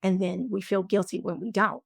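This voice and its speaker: A woman coach speaks in a relaxed podcast conversation, her voice sitting at an ordinary middle pitch. She sounds earnest and reflective, often slipping into quoted inner thoughts as she explains her ideas. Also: a little fast, vocal fry, no echo, clean studio sound. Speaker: guest coach.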